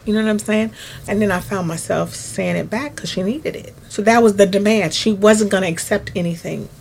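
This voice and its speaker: A woman's voice: medium pitch, a little fast, creaky, darkish tone, slight background noise. A woman support worker talking candidly and reflectively in an interview. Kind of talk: casual interview talk.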